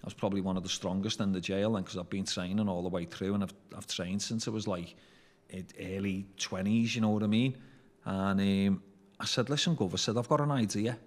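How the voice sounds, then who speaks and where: Deep-voiced Scouse man telling stories. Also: fairly even intonation, a little fast. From Merseyside, England. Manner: swears freely, acts out quoted dialogue. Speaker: interview guest, former prisoner. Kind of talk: casual storytelling.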